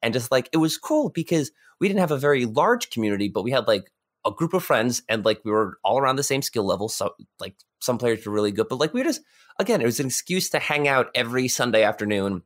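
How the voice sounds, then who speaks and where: A man's voice: medium pitch, sing-song, quick pace. A young man from New York telling a story in casual podcast chat, rambling with lots of fillers and restarts. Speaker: podcast guest.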